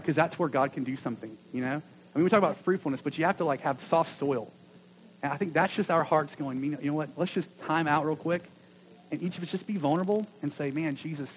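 A man preaching a sermon to a gathering of churches, earnest and full of stammered restarts, rising loud then dropping to a near hush. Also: on the high side, a little hiss or hum, low-quality recording. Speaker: pastor.

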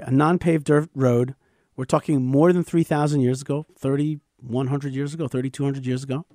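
A man's voice: on the high side, a little mellow, dry recording, studio quality. A man hosting a radio show, teaching scripture in an emphatic, explanatory way with frequent stammered restarts.

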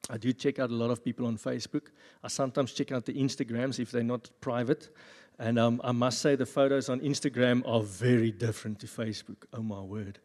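A man pastor giving a sermon at a church service, with jokey, animated asides. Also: medium pitch, fairly quick, few pauses. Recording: long reverb of a church hall.

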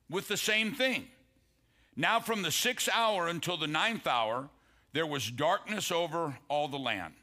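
Male pastor, bright and forceful, raised voice, emphatic sermon delivery. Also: fairly high pitch. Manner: preaching, asks congregation "Amen?", quotes scripture with emphatic slowed phrases.

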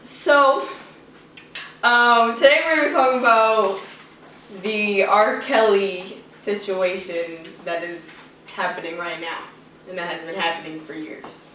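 A woman's voice: medium pitch, steady tone, slow pace, fairly bright tone, far from the mic. A young woman co-hosting a family podcast in a casual, upbeat way, chatting and laughing often over a meal. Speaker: podcast co-host. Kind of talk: casual family chat during a food-eating video. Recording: echoey room, voice off-mic, light hiss.

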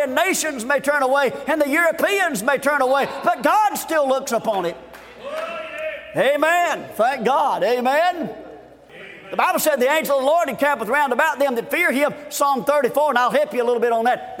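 Fervent high-voiced shouting preacher. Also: male voice, in a large hall. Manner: fervent, shouting, repeating refrains. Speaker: guest preacher. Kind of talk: revival sermon.

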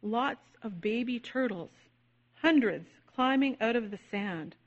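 A woman reads a children's story aloud in a gentle, soothing way. Her voice sits fairly high. The recording sounds a little dull and lo-fi. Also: expressive, measured pace.

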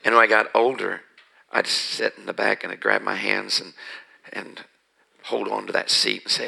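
A man's voice: fairly low pitch, flat delivery, normal speed, creaky, pushed and bright, rough recording. A man preacher telling his personal testimony as a sermon, earnest and building to emphasis. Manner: earnest storytelling, rising to emphatic.

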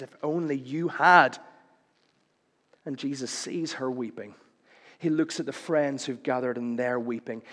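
A man's voice: mid-range voice, in a large hall. A man preaching a sermon in a conversational way, with wry jokes and questions to the listeners.

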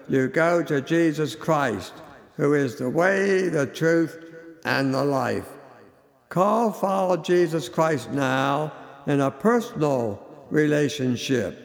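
Male preacher, gravelly and slow, telling a sermon story in a long reverb. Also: a little high. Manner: slow, emphatic, dramatic delivery. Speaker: radio preacher.

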